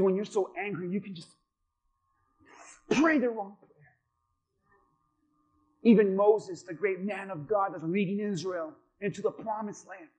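A man's voice: high-pitched, darkish tone, breathy edge. A male pastor preaching a sermon, asking the congregation questions and acting out quotes in between. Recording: dull lo-fi recording.

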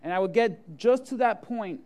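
Animated high-voiced pastor. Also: male voice, normal speed. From Hialeah, Florida area. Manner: animated, jokey, swings from loud to hushed. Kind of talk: sermon with personal storytelling.

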